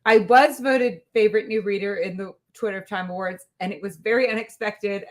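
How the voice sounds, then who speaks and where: A woman's voice: mid-range voice, moderate pace, few pauses. A woman co-hosting a podcast livestream, bantering playfully and laughing often. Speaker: podcast co-host. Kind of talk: casual livestream chat.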